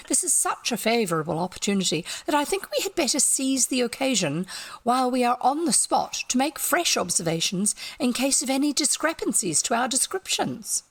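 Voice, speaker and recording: A woman putting on a pompous little old gentleman antiquarian. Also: fairly high pitch, lively intonation, normal speed, dry recording, voice pushed up. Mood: unsympathetic. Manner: pompous, lecturing.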